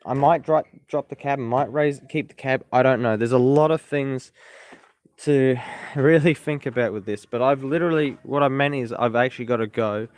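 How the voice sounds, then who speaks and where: A man at an ordinary middle pitch chats his way around his vehicle for a home video. He rambles, restarts sentences and points out details as he goes. The sound is a camera mic outdoors, his voice drifting nearer and farther as he moves. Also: moderate pace, darkish tone. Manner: rambling, self-correcting, pointing things out. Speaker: car repair vlogger. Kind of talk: casual walkaround vlog.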